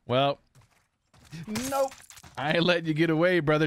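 A young man streaming a shooter game, giving live gameplay commentary with playful taunts and sudden excited yells. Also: medium pitch, a little fast. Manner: excitable, taunting banter with bursts of yelling. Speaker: gaming streamer.

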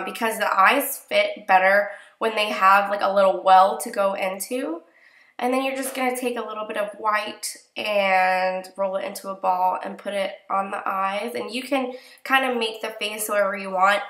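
A young woman talks through a crafting tutorial in a chatty, easygoing voice-over, sprinkling in fillers as she goes. She is getting over a cold, so her voice comes out nasal and congested. It is recorded in an echoey room. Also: medium pitch. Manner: chatty, relaxed instructions with fillers.

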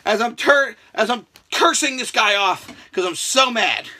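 A man vlogging from a room at home, telling stories in a profane rant that bursts into shouting and drops into hushed asides. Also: extremely high pitch, animated, unhurried, noisy background. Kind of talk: ranting vlog storytelling.

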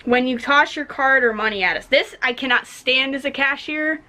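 A woman's voice: high-pitched, normal speed, bright, forceful tone. Exasperated young woman ranting bluntly. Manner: blunt, exasperated, swears freely, lots of "like". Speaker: vlogger, retail cashier. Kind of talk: casual ranting vlog.

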